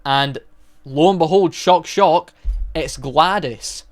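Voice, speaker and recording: A man's voice: a little high, takes it slowly, soft background music. A man recapping a horror movie in a casual, rambling way, stopping often to correct himself. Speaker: movie reviewer.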